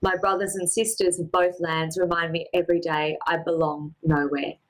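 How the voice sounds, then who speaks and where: A woman performing a personal spoken-word story, with a measured, poetic and deliberate delivery. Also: on the low side, flat delivery, low-quality recording.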